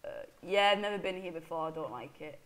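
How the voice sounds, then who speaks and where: A woman's voice: on the low side, expressive, fast, poor audio. A woman commentating her Minecraft play in a chatty, self-mocking way, hiccuping as she talks. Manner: chatty, self-deprecating, talks to in-game animals. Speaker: Minecraft let's player. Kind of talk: casual gameplay commentary.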